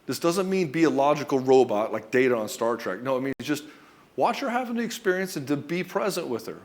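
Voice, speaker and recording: A man coaching other men in a direct, blunt and profane way, speaking fast and with emphasis. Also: mid-range voice, lively intonation, darkish tone. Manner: acts out short quoted lines in other voices. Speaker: relationship coach. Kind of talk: direct-to-camera coaching talk.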